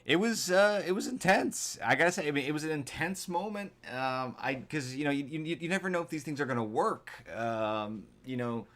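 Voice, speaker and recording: A man's voice: fairly high pitch, expressive, moderate pace, hardly any pauses, a bit bright. A man vlogger reacting live to his old videos, rambling and earnest as he thinks aloud.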